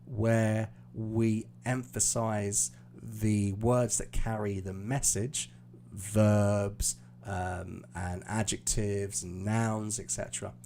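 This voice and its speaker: Casting: British male English tutor, unhurried, low warm voice, on a live stream. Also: level tone, gravelly, slight background noise. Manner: explaining patiently, hesitant fillers. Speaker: IELTS teacher.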